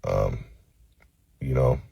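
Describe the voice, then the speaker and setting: A man from Los Angeles recording a phone-camera apology video, halting and cursing, with many pauses and fillers. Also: a bass voice, vocal fry, warm tone, husky, no room sound. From Los Angeles, United States. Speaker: vlogger.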